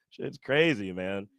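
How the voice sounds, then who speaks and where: Animated man doing stand-up. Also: gravelly, no room sound. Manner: animated, acts out other people's voices with big jumps in pitch. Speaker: stand-up comedian. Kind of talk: stand-up comedy set. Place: comedy stage before a live audience.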